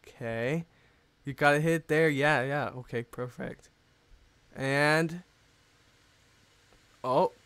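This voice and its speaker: A man giving casual, rambling commentary over his own gameplay, excitable and quick to mock his own mistakes. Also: a little high, no echo. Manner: excitable, self-mocking, rambling. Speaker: gaming YouTuber.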